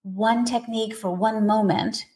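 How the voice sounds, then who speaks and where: A woman parenting coach answering interview questions in a steady, explanatory way, with frequent casual fillers. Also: fairly high pitch, measured pace. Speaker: autism parenting coach, guest.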